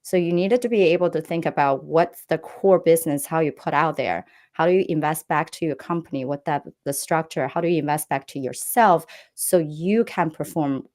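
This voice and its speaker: A woman's voice: deep voice, moderate pace, hardly any pauses, darkish tone. A woman giving earnest business advice as an interview guest, often checking in with "right?". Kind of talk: interview answers.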